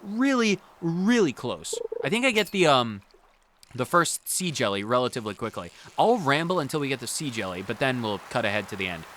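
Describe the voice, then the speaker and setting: A man hosting a let's play, giving rambling, animated commentary and often repeating himself. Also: mid-range voice, fairly quick, slight background noise. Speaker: gaming channel host.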